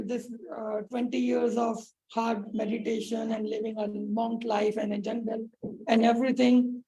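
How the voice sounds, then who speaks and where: A woman meditation teacher telling a spiritual teaching story on a support call, with many pauses, fillers and restarts. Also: a little high, creaky, darkish tone, rough recording.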